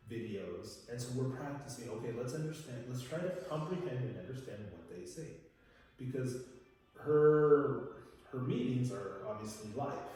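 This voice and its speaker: A man's voice: mid-range voice, warm tone. Male English teacher, casual chatty lesson, lots of "you know", echoey room with long reverb, mic a bit far off. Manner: chatty, tag questions, many fillers and restarts.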